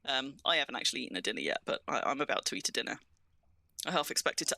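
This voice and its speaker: Bright chatty southern English woman. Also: sits low, lively intonation, racing, vocal fry, no echo. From southern England. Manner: chatty, self-mocking, rambling. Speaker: streamer, co-host. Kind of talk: casual gaming chat.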